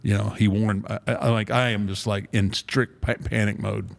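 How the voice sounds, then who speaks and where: A man's voice: fairly low pitch, moderate pace, vocal fry. An older man, a former wrestler, casually retelling a story on a podcast, acting out the quotes with many restarts. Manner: animated retelling, acts out quotes, frequent restarts.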